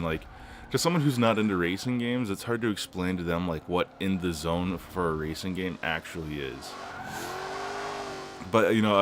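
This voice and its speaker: A young man giving casual, rambling commentary while playing a racing game, swearing often and filling pauses with lots of ums. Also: low-pitched, background noise. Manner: rambling, swears a lot, many fillers. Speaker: gaming channel host.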